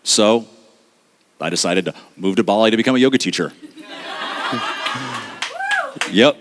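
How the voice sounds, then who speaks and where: A man in his thirties giving an earnest, confessional storytelling talk on stage, with dramatic pauses. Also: on the low side, music in the background. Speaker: speaker. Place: stage at a live talk event.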